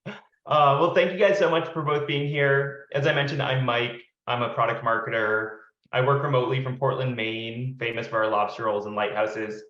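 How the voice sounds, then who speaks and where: A man's voice: mid-range voice, fairly even intonation, normal speed, a bit bright, echoey room, lo-fi sound. A man hosting a webinar as a product marketer, speaking in a friendly, conversational way. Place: home office.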